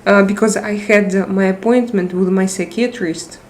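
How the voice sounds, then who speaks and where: A woman hosting a casual live chat, reading messages and talking to viewers in slow, chatty English with non-native phrasing. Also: mid-range voice, fairly even intonation, darkish tone. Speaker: livestream host reading chat.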